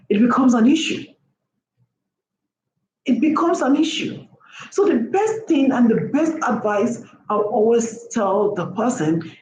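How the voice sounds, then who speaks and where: A woman's voice: medium pitch, darkish tone. A woman giving an impassioned opinion monologue, lecturing with repeated rhetorical questions. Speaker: vlogger. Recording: roomy echo, faint background hum.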